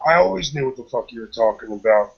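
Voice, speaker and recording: A man's voice: medium pitch, lively intonation, quick pace. A man co-hosting a casual podcast chat, laid-back and profane, mostly agreeing. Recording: husky, dull lo-fi line.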